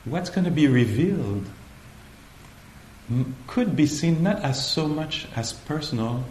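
A man giving a dharma talk at a meditation retreat, slow and hesitant, often pausing to search for the right words. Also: fairly high pitch, expressive, a little mellow, slight background noise. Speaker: meditation teacher. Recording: echoey room, faint ambience.

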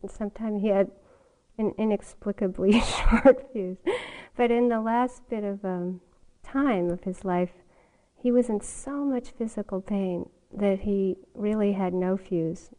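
A woman's voice: medium pitch, fairly even intonation, a little slow, mellow, poor audio. An older woman giving a meditation talk at a retreat, telling a personal story in a candid way and laughing often. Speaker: meditation teacher.

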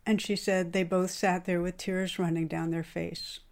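Woman, meditation teacher, lowish voice, gentle earnest storytelling, dharma talk. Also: level tone, moderate pace.

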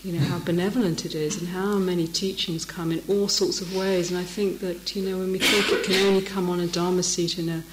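A woman's voice: fairly low pitch, little pitch movement, a little fast, few pauses, heavy background noise. A middle-aged woman, giving a dharma talk as a meditation teacher, telling stories and laughing often. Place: meditation hall. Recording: echoey meditation hall.

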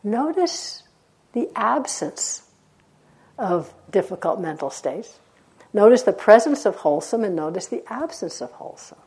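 A woman meditation teacher giving a dharma talk in a gentle, unhurried way, with reflective pauses. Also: mid-range voice, big pitch swings, breathy edge.

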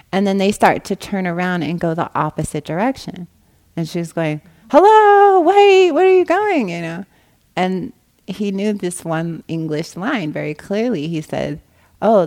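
A woman meditation teacher giving a dharma talk, telling a story with animated delivery and acting out the voices in it. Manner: animated storyteller, acts out quoted voices with rising pitch. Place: meditation hall.

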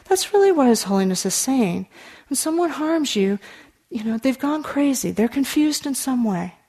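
A woman meditation teacher giving a dharma talk in an earnest, conversational way, with frequent fillers and soft asides. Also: high voice, lively intonation, normal speed, slightly rough.

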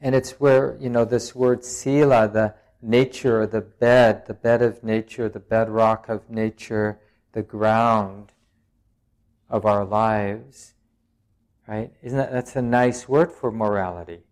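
A man, a meditation teacher, giving a dharma talk in reflective, searching phrases with frequent pauses and touches of gentle humour. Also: fairly low pitch, fairly even intonation. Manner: plain-spoken and gently humorous.

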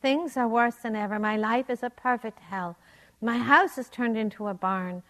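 A woman's voice: on the high side, normal speed, a bit bright, natural voice. A woman voicing a desperate poor man who pleads and laments as she tells a folk tale in a talk. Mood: pleading.

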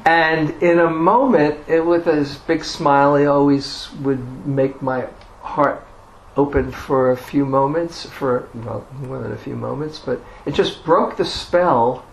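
A man giving a dharma talk as a meditation teacher, telling a personal story in an unhurried way with self-deprecating humor. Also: fairly high pitch, fairly even intonation, gravelly, slight background noise, low-quality recording.

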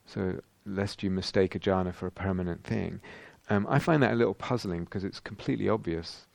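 A man with a British accent giving a dharma talk as a meditation teacher, gentle and reflective, pausing often and restarting phrases. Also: sits low, gravelly, no echo. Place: retreat meditation hall.

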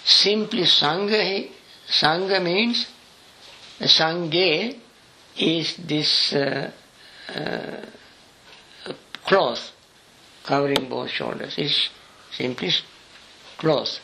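An older man, a monk teaching a scripture study class with slow, halting explanations and spelled-out words. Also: a little high, bright, forceful tone, a little hiss or hum, poor audio.

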